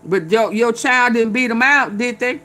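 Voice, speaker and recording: A woman's voice: fairly high pitch, moderate pace, pushed and bright. A woman hosting a livestream, chatting casually with her viewers, drawling, laughing and swearing as she reacts. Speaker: livestream host. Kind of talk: casual commentary to live chat.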